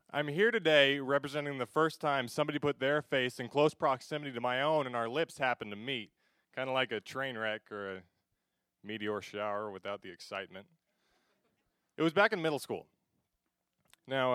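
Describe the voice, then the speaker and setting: A man's voice: mid-range voice, smooth, dry recording, clean studio sound. Teenage boy performing spoken word. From Alaska. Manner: self-mocking storyteller with sudden swings between hushed and loud.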